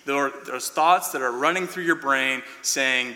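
Earnest preacher in a reverberant hall. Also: male voice, mid-range voice, measured pace. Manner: earnest, builds in waves, drops soft for quoted words. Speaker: pastor. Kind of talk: sermon. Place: church sanctuary.

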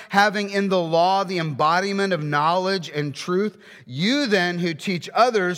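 A man preaching a sermon, emphatic, with rhetorical questions and slowing down to read scripture. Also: high voice, fairly bright tone, long reverb tail.

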